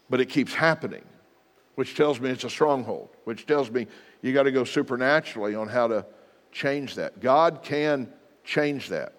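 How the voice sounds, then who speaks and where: A man's voice: medium pitch, moderate pace, big-room sound. A middle-aged man, a pastor, preaching a sermon in an earnest, plain-spoken way with repeated exhortations.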